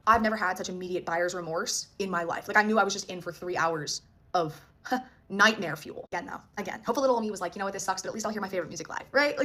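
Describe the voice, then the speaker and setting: Rapid-fire sarcastic woman in her twenties. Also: mid-range voice, fairly bright tone. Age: 20s. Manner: sarcastic, exasperated storytelling. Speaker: concert reviewer. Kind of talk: casual rant to camera.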